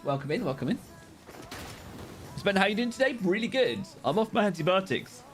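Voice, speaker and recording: A British man chatting casually with viewers while streaming a game, with excited outbursts at the action. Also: high voice, normal speed, pauses often, faint music behind. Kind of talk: casual live-stream chat while playing.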